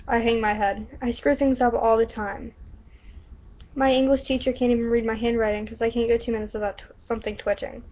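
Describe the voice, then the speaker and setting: A woman's voice: a little high, level tone, quick pace. Woman from the Southern US, casual vlogger reading her story, giggly and chatty, muffled recording. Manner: giggly, chatty, self-interrupting.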